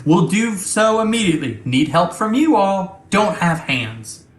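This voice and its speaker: A man's voice: sits high, very animated, unhurried, echoey room, slight background noise, voice pushed up. A man voicing a literal-minded female ship AI that talks in broken, telegraphic phrases. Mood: matter-of-fact. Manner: broken, telegraphic machine speech.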